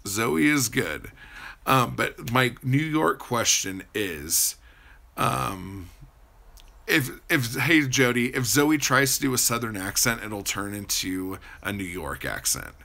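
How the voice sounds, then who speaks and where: A man's voice: mid-range voice, animated, slow pace, gravelly, sharp tone. A man hosting a livestream, rambling casually as he answers viewers' chat and swears freely. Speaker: livestream host.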